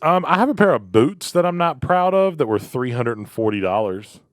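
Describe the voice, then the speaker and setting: A man's voice: mid-range voice, moderate pace, no echo, studio quality. A man co-hosting a podcast, chatting casually and acting out funny scenes. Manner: animated storyteller who acts out scenes. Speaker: podcast co-host.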